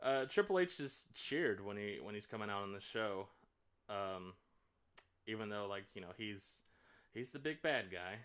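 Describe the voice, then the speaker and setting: A man's voice: on the low side, expressive, unhurried, a bit bright, clear, resonant tone. A man co-hosting a casual podcast, rambling through wrestling recaps with lots of fillers and acted-out quotes. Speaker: podcast co-host. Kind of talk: casual chat.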